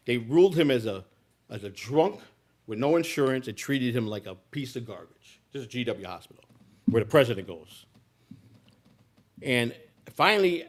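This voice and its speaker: A man in his sixties telling a long personal story in a live speech, rambling, with frequent restarts and repeated words. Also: mid-range voice. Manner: rambling, with many restarts and repetitions. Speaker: political candidate.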